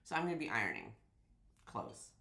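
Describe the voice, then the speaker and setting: A woman's voice: very deep voice, wildly swooping pitch, brisk, pushed and bright, slight background noise. A woman hosting a live sewing stream, chatting casually and greeting viewers by name, sounding congested. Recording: echoey room.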